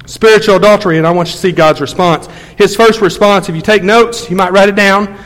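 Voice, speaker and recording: A male pastor preaching a sermon, moving from quiet low asides to loud, forceful exhortation. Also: fast talker, long reverb tail.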